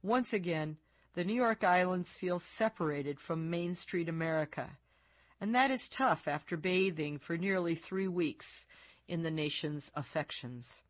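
A woman, an author, reading her own book aloud in a measured, reflective way. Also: on the low side, lively intonation, no room sound.

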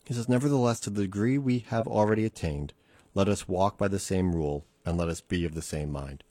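A man preaches on his radio show, his voice sitting on the low side. He talks earnestly and conversationally, repeating phrases to drive them home. The sound is dry and close, recorded in a studio. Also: a little fast, warm tone, no room sound. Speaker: radio podcast host and preacher. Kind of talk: casual radio sermon.

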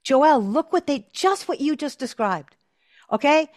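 A woman's voice: high-pitched, normal speed, dry recording, studio quality. A woman hosting a talk show, telling stories emphatically and chatting with her guest. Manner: animated, emphatic storyteller. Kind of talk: casual interview chat.

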